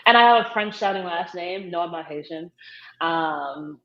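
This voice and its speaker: A woman's voice: on the low side, normal speed. A woman born in England and raised in New York, chatting casually as a podcast guest with lots of fillers and laughter. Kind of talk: casual chat. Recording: roomy lo-fi sound.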